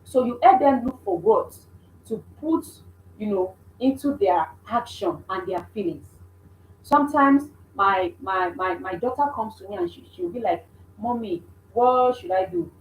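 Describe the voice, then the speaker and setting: A woman's voice: mid-range voice, expressive, unhurried, a little hiss or hum. A mother giving an instructive talk on parenting, earnest and repeating her points with many restarts. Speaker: parenting coach. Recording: echoey room.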